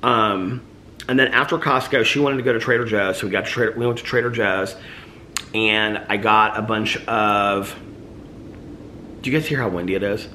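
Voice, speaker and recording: A man's voice: on the low side, fairly even intonation, moderate pace, sharp tone, slight background noise. Chatty man with a slight lisp. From United States. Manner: rambling, chatty, filler-heavy. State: sore mouth after tooth removal. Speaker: vlogger. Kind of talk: casual daily vlog chat.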